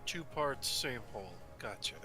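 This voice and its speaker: A man playing a tabletop role-playing game, making quick joking asides. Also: medium pitch, lively intonation, over music. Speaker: player. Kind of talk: casual tabletop game play.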